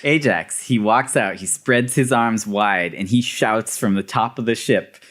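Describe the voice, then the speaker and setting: A man's voice: fairly low pitch, unhurried, a bit bright. A man hosting a podcast, animatedly retelling movie scenes and laughing often. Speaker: podcast host presenting a fan theory. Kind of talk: casual podcast chat.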